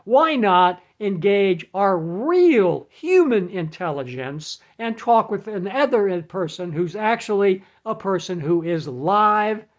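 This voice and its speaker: A man giving casual advice in an animated, chatty way, laughing at his own jokes. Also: sits high, slow, hardly any pauses, muffled recording. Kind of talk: casual talk to camera.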